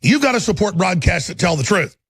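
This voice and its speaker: A middle-aged man hosting a live talk broadcast, ranting angrily and repeating himself, with a gravelly voice close to a studio mic. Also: high voice, big pitch swings, a little fast, a bit bright, no echo. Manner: furious, ranting, repetitive. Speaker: talk radio host. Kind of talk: angry political broadcast rant.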